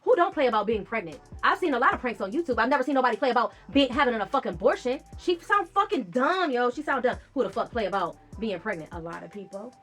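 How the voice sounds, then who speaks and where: A woman with a fairly high voice tells a storytime vlog straight to her viewers. She is blunt and profane, with an animated, indignant edge. Faint music plays behind her. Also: rapid-fire, hardly any pauses. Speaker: YouTube vlogger.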